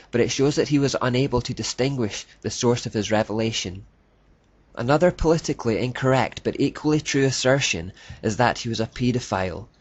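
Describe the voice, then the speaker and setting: A man's voice: mid-range voice, dry recording. Dry, muffled male documentary narrator. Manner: measured, declarative reading. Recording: dull lo-fi dry voice-over.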